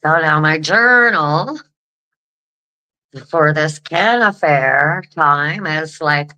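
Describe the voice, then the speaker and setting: A woman hosts an online show and chats casually to her viewers. She talks at an unhurried pace and often repeats words as she rambles along. Her voice has a bright, forward edge. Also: low-pitched, rough recording. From Canada. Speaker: show host.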